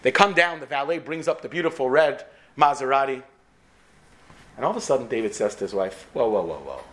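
A man's voice: mid-range voice, fairly quick. A man with an American accent telling a story to students, acting out the characters. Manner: animated, acts out characters. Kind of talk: storytelling talk.

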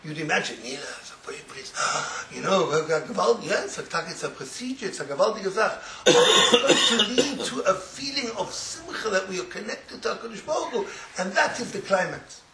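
A man who teaches religious students, giving an informal Torah talk as an animated storyteller who laughs through his words and drops in Yiddish phrases. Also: high voice, moderate pace, few pauses, slight background noise. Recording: roomy echo, faint ambience.

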